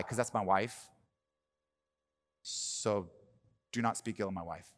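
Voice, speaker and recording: A man preaching as pastor of his church, telling stories in a conversational way that breaks into loud, animated bursts. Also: on the low side, slow, pauses often. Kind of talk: sermon. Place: church sanctuary. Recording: long hall reverb.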